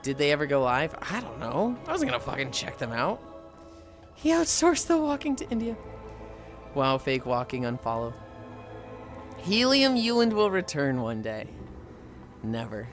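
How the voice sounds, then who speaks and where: A man's voice: mid-range voice, very animated, moderate pace, a bit bright, soft background music. A man livestreaming who reads and answers chat in a casual, profane way and tells stories with voiced impressions.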